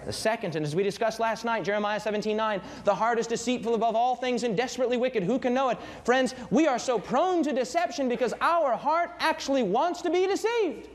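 A young man preaching a sermon with fervor, swinging his pitch and pace for emphasis. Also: fast, few pauses.

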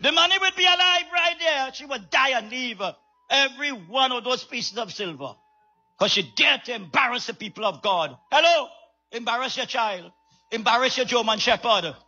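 A raspy male preacher with a high, bright voice delivers an emphatic sermon. He repeats his key lines and presses the congregation for amens. The recording is slightly muffled, with faint music underneath. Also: expressive, normal speed.

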